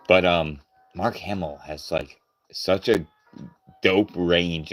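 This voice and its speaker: A man's voice: sits low, very slow, long pauses, faint music behind. A man chatting casually on a live stream, goofy and rambling, laughing often and trying out character voices.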